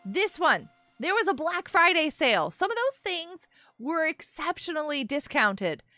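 A woman's voice: high voice, big pitch swings, measured pace, sharp tone, no echo. A woman live streamer chatting casually with her viewers, giggling often and reading the chat aloud. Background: faint music.

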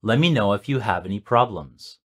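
A man reading short practice sentences slowly and clearly for language learners. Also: on the low side, expressive, a bit bright. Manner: clear, measured enunciation. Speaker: native-speaker model voice. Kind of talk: slow repeated phrase reading for learners.

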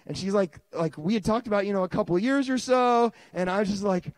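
A man in his thirties preaching a sermon as pastor, telling stories with lively restarts and bursts of excitement. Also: high voice, fairly quick, hardly any pauses, dry recording. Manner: animated storytelling with many restarts.

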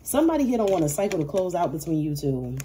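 Low-voiced, profane woman reading tarot. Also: big pitch swings, quick pace, noisy background. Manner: profane, laughing, playful hype-talk. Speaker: tarot reader. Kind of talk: casual tarot reading monologue.

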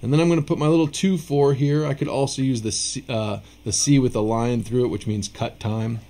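A man teaching rhythm writing in a relaxed video lesson, counting and scatting beats aloud, with a casual, self-deprecating manner. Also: medium pitch, brisk. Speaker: music teacher.

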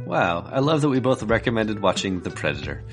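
A man's voice: on the low side, sing-song, a little fast, faint music behind. A man co-hosting a podcast, chatting in a laid-back, dry way. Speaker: podcast co-host. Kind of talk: casual chat.

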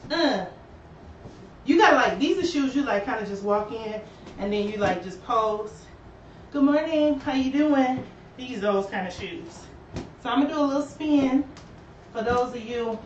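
A woman's voice: fairly high pitch, distant mic, slight background noise. A young woman hosting a live shoe sales stream, chatting to viewers and slightly out of breath. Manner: chatty, animated, talks to viewers. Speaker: shoe store host. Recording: roomy and lo-fi, voice from off-mic.

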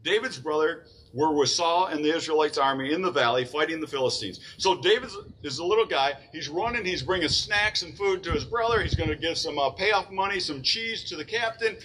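A man's voice: fairly high pitch, lively intonation, fairly quick, few pauses, bright, forceful tone, slight background noise, rough recording. A man preaching a sermon in a church, retelling a Bible story in casual everyday words. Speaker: pastor.

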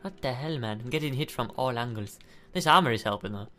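A man's voice: mid-range voice, lively intonation, fast, pushed and bright, faint music behind. Joking man during a game. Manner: joking, playful. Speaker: gamer. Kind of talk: casual let's-play chat.

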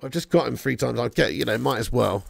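A man live-streaming a football video game, chatting casually with viewers, reading out their messages, swearing and bursting into excited cheers. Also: medium pitch, fast talker, vocal fry. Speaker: gaming streamer.

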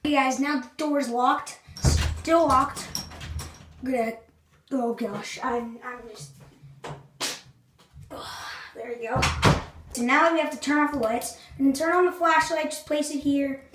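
A high-pitched woman talks to her viewers in a loose, chatty way, jittery and quick to get excited, now and then sinking into hushed tones. Her voice bounces off the hard walls of a small bathroom. A faint hiss sits under it. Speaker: vlogger. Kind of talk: casual video narration. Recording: echoey bathroom, faint noise.

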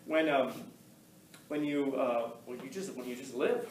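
A male teacher telling a story to his class in an animated way, acting out the voices of the people in it. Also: mid-range voice, measured pace, a little hiss or hum. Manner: animated, acts out quoted voices. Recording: echoey classroom, mic from far off.

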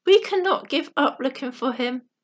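A woman's voice: high-pitched, animated, moderate pace. A woman reading a determined little shepherd girl's lines in an earnest, insistent way.

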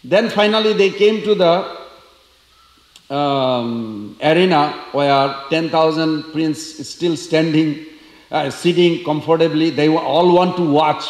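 Guy telling a story at the temple, higher voice, big echoey hall, gets really animated. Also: slow pace. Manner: animated, acts out quoted characters. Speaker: temple speaker. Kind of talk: storytelling lecture.

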